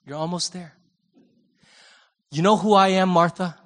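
A preacher puts on a gentle male teacher who speaks softly and slowly, patient and reassuring. The tone is fairly high for a man. A long reverb trails each phrase, as in a big hall. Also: animated. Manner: soft, slow, tender.

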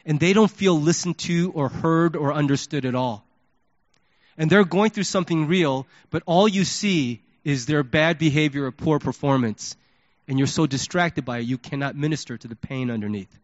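A male pastor preaching a sermon, telling a story in an animated way and acting out his own reactions. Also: a little high, normal speed, no echo, muffled recording.

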